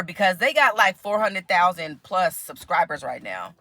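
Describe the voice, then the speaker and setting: A woman's voice: fairly low pitch, normal speed, no echo. Chatty American woman vlogging, dry sound. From United States. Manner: chatty, laughs often, quotes others in animated voices. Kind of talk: casual chat to camera.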